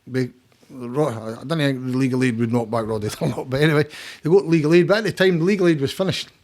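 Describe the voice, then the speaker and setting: A man's voice: medium pitch, quick pace, a little mellow. A man with a Scottish accent, a podcast guest, telling a long rambling story in casual talk, repeating words and swearing freely.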